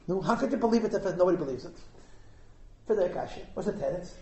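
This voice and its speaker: High-voiced man telling stories in an echoey room. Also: fast talker, gravelly. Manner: animated storyteller, rhetorical questions, chuckling asides. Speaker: Hasidic teacher at a farbrengen. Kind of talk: informal talk to a gathering.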